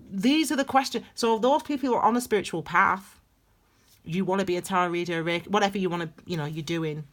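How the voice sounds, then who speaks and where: Chatty tarot-reading woman, low voice. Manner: chatty, rambling, with restarts and asides. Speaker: tarot reader. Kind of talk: casual spiritual tarot reading to camera.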